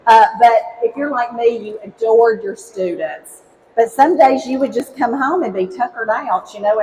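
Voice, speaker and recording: A woman's voice: fairly high pitch, slight background noise, poor audio. Cheerful Southern woman demonstrating a recipe on stage. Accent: Southern American, Alabama. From Alabama, United States. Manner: cheerful, folksy, chatty, keeps calling on the crowd. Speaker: cooking demonstrator, former high school teacher. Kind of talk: live cooking demo for an audience. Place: outdoor cooking stage with a live audience.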